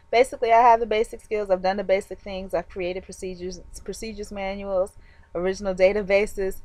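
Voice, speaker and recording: A woman telling a story to her viewers in a casual, animated, chatty way, with frequent fillers and laughs. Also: medium pitch, no echo. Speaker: vlogger.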